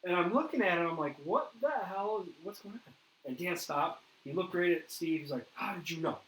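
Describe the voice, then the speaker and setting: A man hosting a paranormal interview, telling a ghost story in a lively way and acting out what others said. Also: sits high, a little fast. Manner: animated storyteller, acts out quoted dialogue. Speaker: paranormal investigator host. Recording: echoey room with faint noise.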